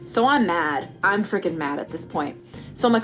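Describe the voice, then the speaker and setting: A pregnant young woman vlogging, telling a story casually and acting out quotes with big jumps in pitch. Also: animated, fairly quick, soft background music.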